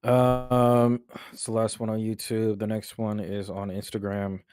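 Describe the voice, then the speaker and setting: A man's voice: lowish voice, monotone, unhurried, darkish tone, clean tone, dry recording, studio quality. A man co-hosting a podcast, teasing and laughing in casual slang-filled chat. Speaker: podcast co-host.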